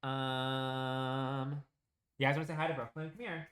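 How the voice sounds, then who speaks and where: A man chatting loosely on a live stream, in a teasing, chatty way with plenty of casual swearing. He talks at an unhurried, drawn-out pace from home, rambling to his viewers as he plays. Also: medium pitch, flat delivery, a bit bright. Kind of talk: casual live-stream chat while gaming.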